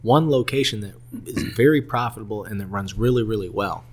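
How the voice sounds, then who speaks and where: Emphatic, somewhat low-voiced male guest. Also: fairly quick. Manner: emphatic, persuasive. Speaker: podcast guest, restaurant consultant. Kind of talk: casual podcast chat.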